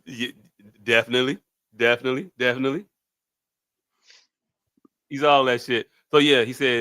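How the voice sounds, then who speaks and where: A man's voice: medium pitch, fairly even intonation, moderate pace, pauses often, sharp tone, smooth, no echo, clean studio sound. Laid-back man riffing on a podcast. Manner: laid-back, profane, drawling. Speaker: podcast co-host and stage actor. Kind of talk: casual podcast chat.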